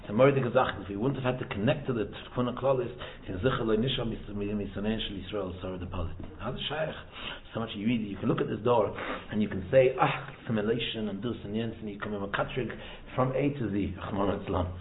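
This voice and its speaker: A man's voice: fairly low pitch, fast talker, a little hiss or hum. A man giving an informal Torah lesson as a rabbi, repeating words and restarting, mixing in Hebrew and Yiddish terms. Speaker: rabbi teaching a Torah talk. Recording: tinny phone-like echoey room recording.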